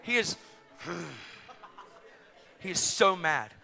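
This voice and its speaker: Middle-aged male preacher, bright piercing tone, animated storyteller who shouts at peaks; reverberant hall. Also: high voice, very slow, creaky, slightly rough, faint music behind. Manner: excitable, acts out dialogue, rising to shouts. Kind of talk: sermon storytelling. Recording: long reverb of a large hall.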